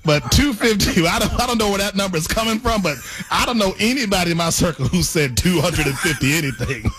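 A man's voice: high voice, fairly quick. A man co-hosting a call-in radio show, teasing his partner and laughing often in casual banter. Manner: teasing, laughing, lively delivery. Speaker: radio co-host. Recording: music playing under the talk.

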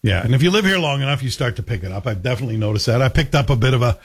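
A man from Scotland hosting a radio talk show, chatting in a lively, storytelling way. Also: mid-range voice, very fast, slightly rough.

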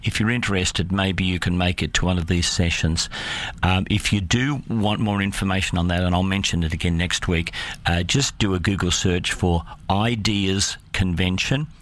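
A man hosting a Christian radio program, reading announcements in an unhurried way with many fillers and self-corrections. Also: low-pitched, a bit bright.

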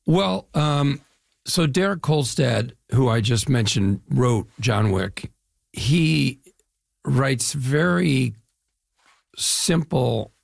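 An older man with a husky, gravelly voice talks eagerly through his stories in a casual interview. He rambles a little and restarts, always keen. The sound is dry and close. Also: mid-range voice, expressive, extremely slow, dry recording. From Chicago area, USA. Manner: enthusiastic, rambling storyteller. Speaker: actor guest.

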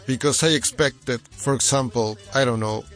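A man's voice: mid-range voice, moderate pace, fairly bright tone, soft background music. A man reading an English voice-over translation of an interview, conversational and reflective.

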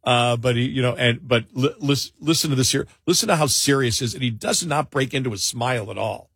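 Radio guy riffing on the news, bright sharp voice, kinda husky, chuckles and repeats himself. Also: mid-range voice, brisk, dry recording, clean studio sound. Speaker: talk radio co-host. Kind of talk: opinionated talk radio commentary. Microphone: studio mic.

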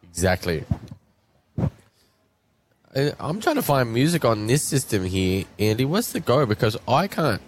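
A man's voice: mid-range voice, sing-song, unhurried, pauses often. A man with an Australian accent hosting a casual outside radio broadcast, laid-back and slangy. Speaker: radio host. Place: shed at an outdoor showground.

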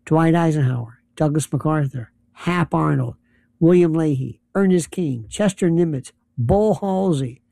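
A man's voice: on the high side, measured pace, creaky, mellow, no echo. A man giving an opinionated political monologue, emphatic and rambling, full of rhetorical questions.

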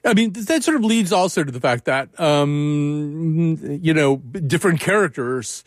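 A man's voice: fairly high pitch, animated, normal speed, no echo, studio quality. A man interviewing a guest, asking long questions with many restarts and fillers. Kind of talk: radio interview conversation.

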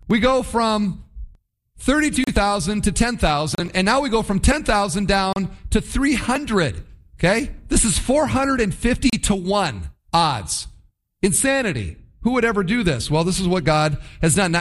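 Male preacher, high voice, lively sermon delivery, acts out the story. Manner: animated, acts out scenes in voices.

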